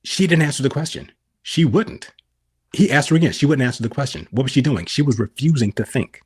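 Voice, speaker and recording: A man's voice: medium pitch, expressive, fairly quick, a little mellow, slightly rough. A middle-aged man on a podcast explaining scripture, asking and answering his own questions. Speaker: podcast guest.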